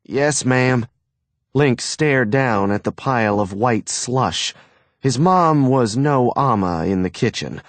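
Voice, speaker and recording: Slow, lively male audiobook narrator. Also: medium pitch, no echo. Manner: expressive, storytelling.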